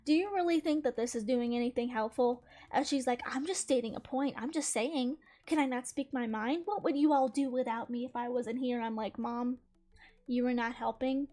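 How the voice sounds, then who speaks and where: A young woman hosting a gaming channel, telling a story in casual chat with an exasperated, animated manner and frequent laughs. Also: a little high, moderate pace.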